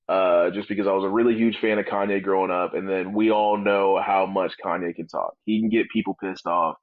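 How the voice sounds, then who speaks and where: Joking, lively man in a dry, muffled interview. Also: low voice, no room sound. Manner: joking, animated storytelling with comic voices. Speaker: wrestler guest. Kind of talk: casual interview chat.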